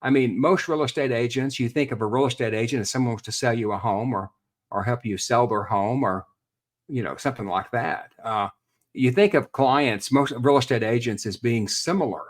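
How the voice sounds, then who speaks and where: A man, a real estate expert guest on a podcast interview, explaining earnestly and repeating words as he thinks. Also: mid-range voice.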